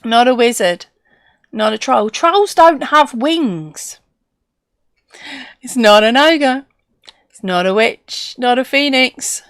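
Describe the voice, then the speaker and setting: Lady chatting slowly on a live stream, higher voice, dry close sound, laughs a lot. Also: clean tone, dry recording. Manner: chatty, laughs often, muses aloud. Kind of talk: casual live-stream chat reading viewer comments.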